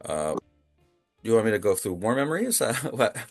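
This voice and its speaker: A man from Ontario, Canada, a guest telling a story casually over a video call, animated and laughing often. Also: on the low side, normal speed, no echo, studio quality, faint music behind.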